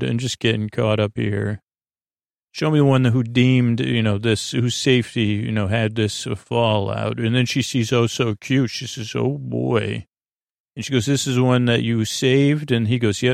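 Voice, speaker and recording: Gravelly, flat-voiced man recapping casually. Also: medium pitch, no echo, studio quality. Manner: rambling, many filler uhs, paraphrases scene dialogue loosely. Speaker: podcast host.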